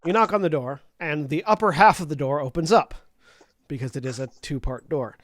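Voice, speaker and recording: Game master, dry close sound, mid pitch, wry scene narration. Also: fairly quick, a bit bright, no room sound.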